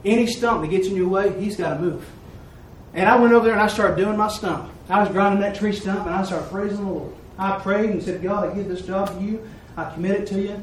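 High pitched guy preaching a folksy testimony, does all the voices, far from the mic in an echoey church. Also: brisk, slight background noise. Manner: folksy, acts out quoted dialogue. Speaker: lay preacher. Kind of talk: storytelling sermon testimony. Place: church service.

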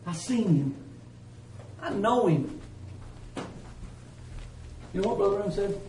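Folksy preacher in a roomy church. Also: male voice, sits high, animated, slow, a little hiss or hum. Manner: folksy, emphatic, swings from loud to hushed. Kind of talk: sermon. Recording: roomy church sound from a distance.

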